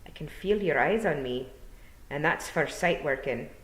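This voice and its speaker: A woman's voice: sits low, animated. A woman doing a dying old pixie matriarch with a Scottish brogue. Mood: wry. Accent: put-on Scottish. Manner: slow, weak, murmuring. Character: dying tiny old pixie clan mother, shrewd and commanding. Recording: roomy echo.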